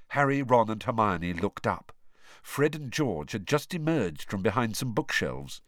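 Expressive male audiobook narrator, lively pitch, dry close recording. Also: unhurried, no room sound. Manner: expressive storytelling. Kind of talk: scripted narration.

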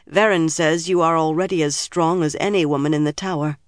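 A woman's voice: sits low, fairly even intonation, brisk, no room sound, close to an everyday voice. A narrator voicing a stern, commanding older woman leader with a hard, dry manner, in a dry studio audiobook reading. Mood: measured.

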